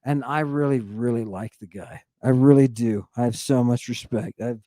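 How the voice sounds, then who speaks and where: A man giving an excitable, irreverent lecture as a guest scholar, teasing his audience and calling out to the crew. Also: medium pitch, normal speed, no echo, clean studio sound. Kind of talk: animated lecture on ancient texts.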